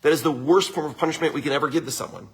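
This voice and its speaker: A man's voice: on the high side, racing, breathy edge. A middle-aged man, a winery owner, giving a casual motivational talk to viewers in an upbeat, chatty way, often tagging his lines with a question. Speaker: winery owner hosting a livestream.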